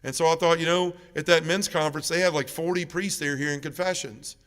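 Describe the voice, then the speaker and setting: A middle-aged man tells his personal testimony to a parish gathering, earnest and acting out each person in the story. His voice sits a little high for a man. A long church reverb hangs behind him. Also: fairly even intonation, fairly quick, a bit bright. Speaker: parish mission speaker. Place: large church.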